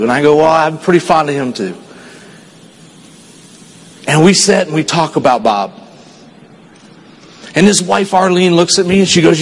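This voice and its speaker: A man from Texas giving an earnest, storytelling speech to a conference audience, dropping low and quiet at the sad parts. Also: normal speed, long pauses, husky, in a large hall, rough recording. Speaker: motivational speaker.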